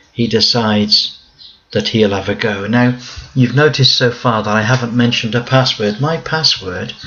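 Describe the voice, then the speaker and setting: A man teaching a Bible lesson, reading verses aloud and then explaining them in plain conversational words, slow and emphatic. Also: medium pitch, fairly bright tone, dull audio, a little hiss or hum.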